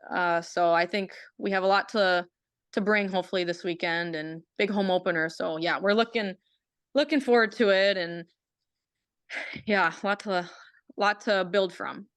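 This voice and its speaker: A young woman with a smooth, clear voice and a lowish pitch talks in a laid-back, casual way. She often doubles up her words and leans on fillers as she chats as an interview guest. The sound is dry and close. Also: unhurried, fairly bright tone, no echo. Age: young adult. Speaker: college athlete guest.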